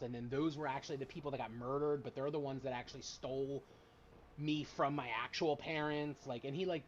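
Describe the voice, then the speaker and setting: A man's voice: a little high, slight background noise. A man in casual chat about his tabletop game, rambling and swearing freely with constant "like" fillers. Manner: profane, rambling, heavy use of filler "like". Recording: slightly muffled lo-fi stream audio.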